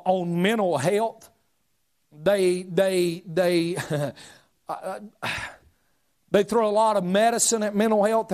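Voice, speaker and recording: A middle-aged man preaching a fiery sermon, shouting some points and dropping to a hush on others. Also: high-pitched. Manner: preaching with shouted emphasis and sudden drops to a hush. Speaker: pastor.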